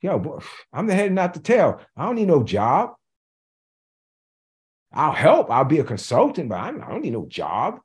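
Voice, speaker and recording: A man's voice: fairly high pitch, huge pitch swings, moderate pace, pauses often. A man preaching a sermon in a conversational way, repeating key phrases for emphasis and slipping in joking asides.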